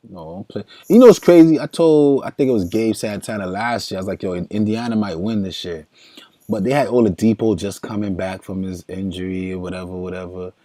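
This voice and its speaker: Low, dark-voiced slangy man. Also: fairly even intonation, brisk, dry recording, studio quality. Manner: loose slangy talk, thinks aloud, chats with viewers. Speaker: fantasy sports streamer. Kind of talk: casual livestream chat.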